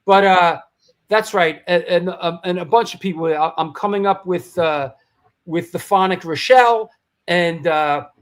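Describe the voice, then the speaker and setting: Man, high-pitched, host, rambling, jokey, stumbling. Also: measured pace. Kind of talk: live show announcements.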